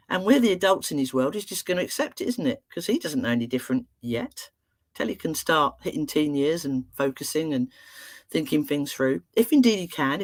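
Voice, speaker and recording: A middle-aged woman speaks as a therapist addressing an online audience. She tells stories in a chatty, humorous and expressive way, and her pitch swings widely and animatedly. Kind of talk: storytelling talk to an online audience.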